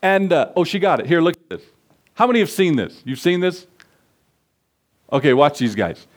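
A man's voice: sits high, fairly quick. A man preaching a sermon in a church, telling stories and acting out the people in them. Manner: animated storytelling preacher, acts out voices. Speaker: pastor. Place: church sanctuary.

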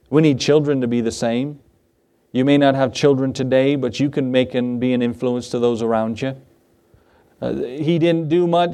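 A man's voice: medium pitch, darkish tone. A man preaching a Father's Day sermon as a pastor, earnest and given to repeated refrains. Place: church.

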